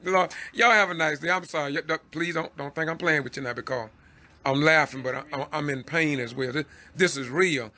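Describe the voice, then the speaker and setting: Bright, high-voiced Southern man preaching. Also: a little fast. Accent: Southern US, Georgia. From Georgia, USA. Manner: preachy, exhorting, laughing in exasperation. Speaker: citizen news host. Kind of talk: Facebook Live commentary.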